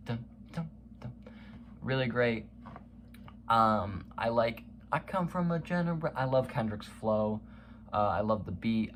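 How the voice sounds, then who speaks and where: A man's voice: fairly low pitch, a bit bright, slight background noise. A young man casually counting down his favorite songs, enthusiastic, humming and scatting bits of the music. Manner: enthusiastic, hums and scats song parts, many fillers. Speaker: music reviewer. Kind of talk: casual spoken countdown review.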